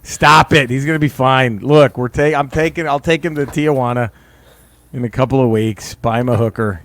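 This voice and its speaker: A man's voice: medium pitch, moderate pace, a bit bright. A man co-hosting a podcast in casual banter, profane and joking, laughing often and restarting his sentences as he rambles. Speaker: podcast co-host.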